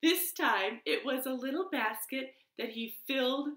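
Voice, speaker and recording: A woman librarian telling a children's story at home in an expressive, animated way. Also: high-pitched, a little slow. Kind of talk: storytime read-aloud. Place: living room. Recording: roomy living room echo.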